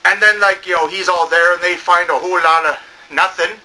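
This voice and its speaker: A man playing a manic bum movie reviewer who rambles in a comedic review, full of fillers, and sometimes bursts into shouting. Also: high-pitched, steady tone, a little fast, poor audio. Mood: rambling.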